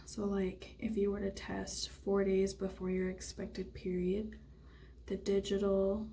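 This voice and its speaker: A young woman vlogging casually to the camera, talking softly in a half-whisper. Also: medium pitch, level tone, unhurried, noisy background. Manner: soft, half-whispered, hushed delivery. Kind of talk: casual vlog talk to camera.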